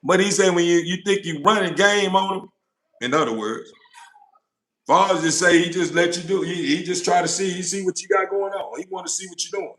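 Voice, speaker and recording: A man's voice: sits high, a little fast, fairly bright tone. A man delivering a blunt, profane, impassioned monologue about God, acting out God and doubters in turn. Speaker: informal preacher. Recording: roomy echo.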